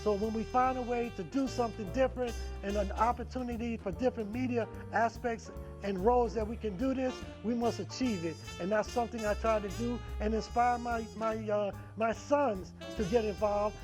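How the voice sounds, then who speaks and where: A man's voice: high voice, fairly even intonation, normal speed, hardly any pauses, music in the background. A man speaking earnestly and steadily in an interview, in a slightly formal way. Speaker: media owner interviewee. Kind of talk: interview talk.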